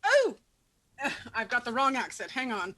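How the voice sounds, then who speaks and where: A woman voicing a doting, pushy middle-aged mother who speaks broken English in a high, gushing voice. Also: sing-song, normal speed, sharp tone, full character voice. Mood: surprised.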